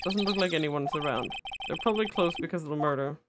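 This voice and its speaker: A woman streamer reading a visual novel aloud in an expressive, playful way. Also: sits low, fast, background noise. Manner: expressive, playful read-along. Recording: livestream with game music behind.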